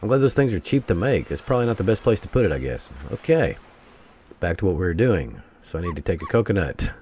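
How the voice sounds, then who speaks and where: A low-pitched man narrates a survival game as he plays it. His voice leaps up and down as he mutters to himself and breaks into exasperated curses. A faint hiss of noise sits under the recording. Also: very animated, quick pace, a little mellow. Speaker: let's-play host. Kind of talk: let's-play commentary.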